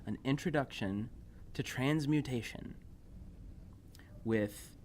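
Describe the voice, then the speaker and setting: Low-voiced man game master. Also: a little slow, a little hiss or hum. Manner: loose, rambling narration with fillers. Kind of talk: narrating a tabletop game.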